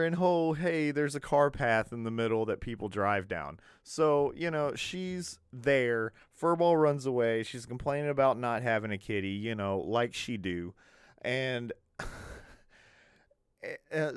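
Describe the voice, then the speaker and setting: A man's voice: mid-range voice, smooth, no room sound, studio quality. A man hosting a casual podcast, rambling with lots of fillers and chuckles, into a podcast mic. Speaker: podcast host.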